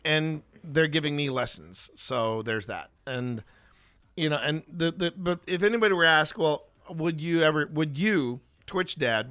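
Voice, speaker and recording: A man's voice: a little high, sharp tone, no room sound. A man co-hosting a casual stream, rambling with many fillers and restarts. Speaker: streamer and co-host. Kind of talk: casual chat.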